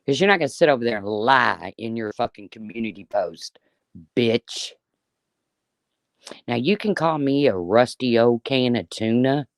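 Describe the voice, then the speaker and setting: A woman's voice: very deep voice, animated, a little slow, dry recording, studio quality. A woman in her fifties giving an angry, profane, sarcastic rant on a live stream. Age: 50s. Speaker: YouTuber.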